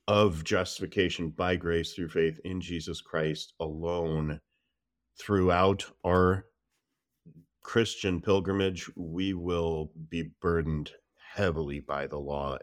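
A man who is a pastor, speaking slowly and deliberately, giving heartfelt encouragement in conversation. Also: low voice, dry recording, clean studio sound. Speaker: pastor co-hosting.

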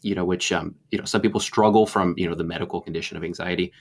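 Male pastor, deep voice, conversational Bible talk, thoughtful and rambling. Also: fairly even intonation, fast talker. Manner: reflective, meandering with many fillers.

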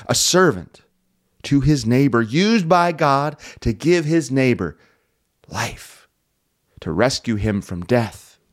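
A man preaching a radio sermon as the show's host, pressing hard on repeated phrases, pausing for effect and now and then chuckling. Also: mid-range voice, dry recording, studio quality. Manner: emphatic preaching with dramatic pauses and occasional chuckles; rising emphasis on repeated phrases.

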